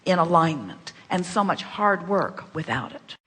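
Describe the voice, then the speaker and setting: A woman's voice: lowish voice, animated, unhurried, a bit bright, breathy edge. A woman speaking as "we" to a questioner at a seminar, emphatic, with repeated phrases and rhetorical questions. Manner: speaks as a collective "we". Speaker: spiritual speaker answering a questioner. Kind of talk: inspirational talk at a seminar. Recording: long hall reverb.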